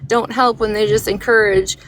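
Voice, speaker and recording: A woman's voice: on the high side, fairly even intonation, moderate pace, a bit bright, a little hiss or hum. A woman chatting bluntly beside a live streamer, scolding and swearing casually. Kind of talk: casual chat.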